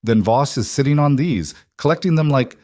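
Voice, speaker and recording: A man voicing a determined young frontier woman who speaks flat and measured in a storybook reading. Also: medium pitch, no room sound, clean studio sound, voice pushed up, close to an everyday voice. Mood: steady, urgent.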